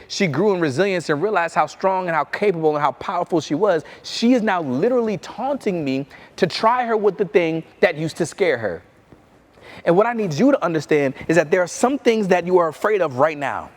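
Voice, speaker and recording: Keynote speaker, male, 30s; lively, swooping delivery, voice sits a little high, acts out kids' voices. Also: brisk. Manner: animated, acts out his children's voices. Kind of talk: motivational keynote storytelling.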